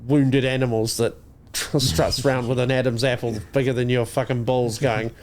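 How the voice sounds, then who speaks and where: A man's voice: mid-range voice, flat delivery, moderate pace. A man from New Zealand, co-hosting a comedy podcast, ranting and joking crudely with lots of swearing. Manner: profane, ranting, slips into mock voices. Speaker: podcast co-host.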